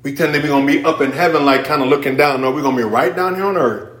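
A man preaching a sermon in church. He swings between hushed asides and near-shouted emphasis, with casual remarks to the congregation. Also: on the high side, very fast. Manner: informal, conversational asides with the congregation. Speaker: pastor. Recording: echoey church room.

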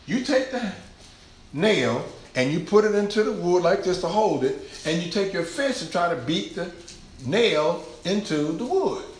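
A man preaching a sermon in a church, lively and conversational, acting out quotes and laughing along with the congregation. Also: sits high, measured pace. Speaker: pastor. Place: large church sanctuary. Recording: echoey church room.

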